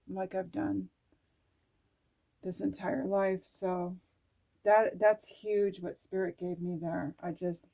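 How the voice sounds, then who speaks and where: A woman's voice: mid-range voice, darkish tone. A middle-aged woman chatting through an oracle card reading, talking to herself and reading card texts aloud with casual swearing.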